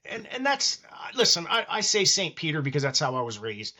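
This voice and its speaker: A middle-aged man with a fairly high voice talks as a guest in a casual interview. His tone is bright and forceful, earnest and reflective. He acts out the voices of people he quotes. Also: sing-song, a little fast, slight background noise. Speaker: guest wrestling trainer.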